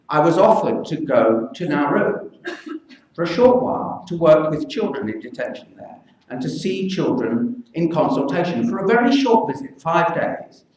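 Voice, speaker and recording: An older man, a children's physician, speaking earnestly and with measured pauses to a public meeting. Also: on the high side. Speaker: pediatric infectious disease physician. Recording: echoey hall, mic from far off.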